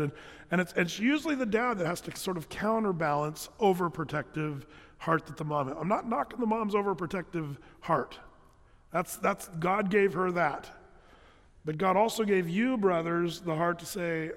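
A man preaching a sermon as a pastor, conversational and halting, with many fillers and restarts. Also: sits high, fairly bright tone, in a large hall.

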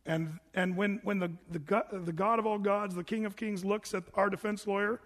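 Male preacher, high voice, casual teaching sermon, reverberant hall. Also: moderate pace. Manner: reads scripture aloud, then explains it in a casual, animated way. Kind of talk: evening Bible study sermon.

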